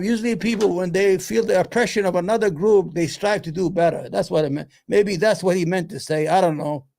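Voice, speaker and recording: Gravelly, high-pitched rambling male host. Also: darkish tone. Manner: loose, profane, muttering to himself between points. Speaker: solo commentary host. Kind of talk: rambling casual commentary.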